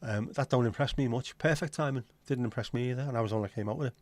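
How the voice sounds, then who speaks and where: A man, chatting loosely on a livestream in a mid-pitched voice. He rambles from joke to joke, swears freely and keeps the talk light, in a dry, close sound. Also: very fast, a little mellow, dry recording. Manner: rambling, jokey and sweary, slips into silly voices. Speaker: livestream host. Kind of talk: casual livestream chat.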